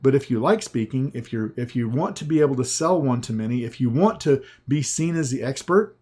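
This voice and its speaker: A man giving an emphatic sales pitch presentation, using short, repeated punchy phrases, with a slightly scratchy throat. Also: animated, brisk, a little mellow, breathy edge. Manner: punchy, repetitive, emphatic selling.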